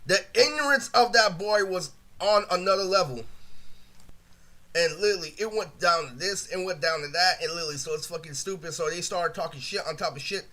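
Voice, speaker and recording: A man with a high, bright voice rants through a personal story, vlog-style. He talks in loose, rambling bursts, swears constantly and leans on filler words. The telling sounds aggrieved throughout. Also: brisk. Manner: aggrieved, ranting retelling. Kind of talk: casual storytime monologue.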